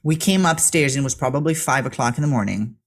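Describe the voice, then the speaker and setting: A middle-aged woman from Serbia, a guest telling a personal story in an earnest way, halting and restarting as she gets emotional. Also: rumbling low.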